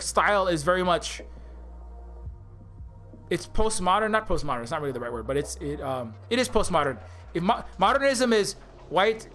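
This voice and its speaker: Brief: man with a high voice, indie game developer doing video commentary, faint music underneath. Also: a bit bright. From Hawaii. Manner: earnest, rambling, often restarts mid-thought. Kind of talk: casual video commentary, reading quotes aloud.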